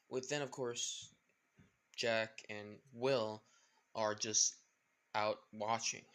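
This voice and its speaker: A man's voice: medium pitch, fairly bright tone. A man casually retelling a fan story, rambling with many fillers and losing track of names.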